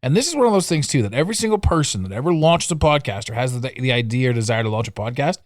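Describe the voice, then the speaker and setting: A middle-aged man hosting a solo podcast, chatting casually and mocking himself, with sudden loud bursts and low asides. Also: quick pace, no echo, clean studio sound. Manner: animated, swings between loud outbursts and low asides; self-mocking, laughs at himself. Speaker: podcast host. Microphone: studio mic, audio only.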